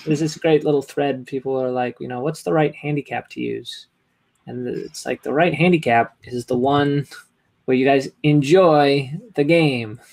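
A man's voice: medium pitch, fairly even intonation, moderate pace, vocal fry, darkish tone. A young man as a podcast guest in casual chat, rambling with many "like"s and "right?"s.

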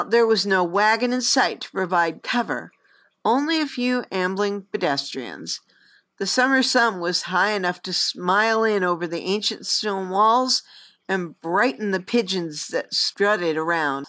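A woman reading a fantasy novel aloud in an expressive, lively storybook narration. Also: mid-range voice. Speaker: audiobook reader.

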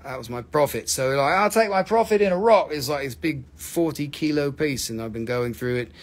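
Excited man selling minerals live. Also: fairly high pitch, a little fast. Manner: animated, reads chat comments aloud, bursts into excited shouts. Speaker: live-stream mineral seller. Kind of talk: live-stream sales chat.

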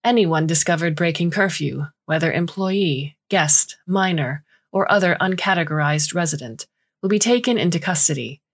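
A woman voicing a robotic corporate alert system that makes announcements with a discordant calm. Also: fairly low pitch, normal speed. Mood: calm commanding.

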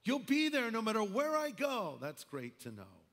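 A man's voice: very high voice, wildly swooping pitch, normal speed, a bit bright. A man preaching a sermon as pastor, emphatic with wry asides. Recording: long hall reverb.

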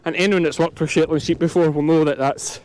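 A Scottish sheep farmer talks straight to his viewers in a chatty, easygoing way, out on a hillside in a storm. His voice sits high for a man. Vehicle noise is heard behind him. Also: fairly even intonation, fast talker, darkish tone. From Scotland. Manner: chatty, talking to viewers while working dogs. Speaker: sheep farmer and channel host. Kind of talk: outdoor farm vlog commentary. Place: windy hillside outdoors in a storm.

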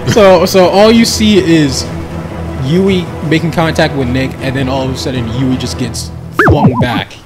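A man's voice: fairly high pitch, a little slow. A man narrating a casual roleplay story, laughing often and rambling loosely. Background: background music.

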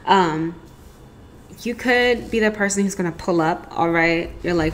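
A woman's voice: medium pitch, unhurried, slight background noise. A woman giving a casual, chatty tarot reading, rambling with lots of asides. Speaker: tarot reader.

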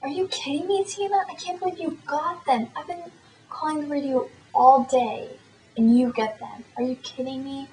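A teenage girl voicing her excitable girl friend on the phone, gushing and squealing in disbelief. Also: a little high, unhurried, a little hiss or hum, natural voice, low-quality recording. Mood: thrilled.

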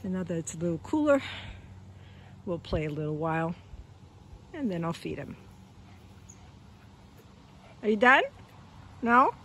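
A woman's voice: fairly low pitch, sing-song, unhurried, long pauses, fairly bright tone, a little hiss or hum. A woman talking casually to her pet dog in a yard, coaxing it with sing-song calls and frequent laughter. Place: outdoors in a yard.

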